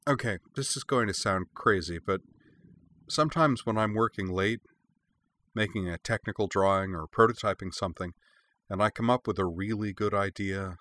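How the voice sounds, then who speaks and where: Wistful young inventor woman, read by a male narrator, soft and hesitant, low-key. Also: moderate pace, natural voice. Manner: subdued and hesitant.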